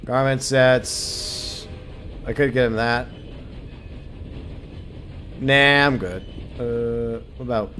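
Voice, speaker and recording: A man's voice: mid-range voice, fairly even intonation, very slow, pauses often, fairly bright tone, soft background music. A man from Minnesota giving casual, joking commentary as he streams a game, swearing freely.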